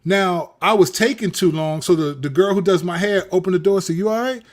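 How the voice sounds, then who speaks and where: A middle-aged man with a voice pitched a little above the usual, telling a long personal story as host of his own show. He speaks with animated street slang and a preacher's rhythm, often doubling back on his words. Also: fairly quick.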